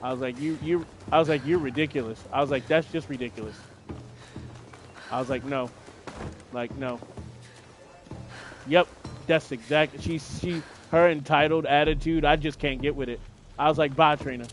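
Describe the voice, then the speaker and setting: A man streaming a game, talking in a slightly high voice. His casual chat turns into blunt, profane venting. Loud game music plays under everything he says. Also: normal speed, pauses often. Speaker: gaming streamer. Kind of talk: casual chat while playing.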